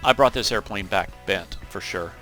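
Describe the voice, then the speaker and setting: A gaming channel host with a bright, forward, fairly low-pitched voice gives loose, chatty commentary over recorded flight-sim footage at a normal speed. He tells the story animatedly, jumping up to act out the radio calls, with faint music playing underneath.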